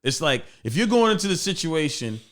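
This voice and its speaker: Male comic guest, slightly high voice, lively swooping delivery, profane storyteller. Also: a little fast. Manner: animated, acts out voices in stories, profane. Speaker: comedian guest. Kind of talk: casual storytelling.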